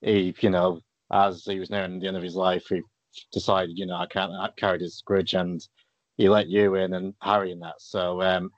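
A man's voice: low-pitched, flat delivery, moderate pace, no room sound. A man hosting a casual interview in an easygoing way, with many fillers. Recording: dull dry lo-fi audio.

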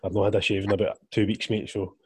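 A man's voice: fairly low pitch, flat delivery, a little mellow, slightly rough, no room sound. A Scottish man co-hosting a podcast over a video call, swearing freely and joking at his own expense. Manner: quick, swears freely, self-mocking.

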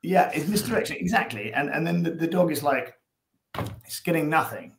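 A man's voice: fairly high pitch, lively intonation, brisk, vocal fry, echoey room, a crowd in the background. A man with an Irish accent, a guest on a casual podcast, talking in a rambling way, stumbling over repeated words and acting out little scenes. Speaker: guest, dog behaviour coach.

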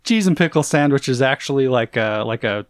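A man's voice: mid-range voice, lively intonation, brisk, smooth. A man co-hosting a podcast, chatting casually and eagerly agreeing. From United Kingdom. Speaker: podcast co-host. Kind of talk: casual chat. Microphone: headphones and studio mic.

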